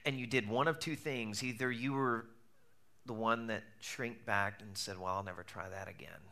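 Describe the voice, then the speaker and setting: A male pastor delivering a sermon, telling a story from his own life. His voice is bright and forward. He swings between raised, lively passages and quiet, hushed asides. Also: on the low side, normal speed. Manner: storytelling, animated, shifts between loud and hushed.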